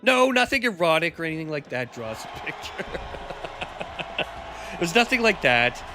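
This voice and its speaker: A male streamer calls a wrestling match in a high voice. He announces loudly and jokes crudely. Music plays clearly behind him. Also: big pitch swings, normal speed. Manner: crude, joking, shouty announcing. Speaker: streamer and play-by-play commentator. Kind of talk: wrestling play-by-play on a live stream.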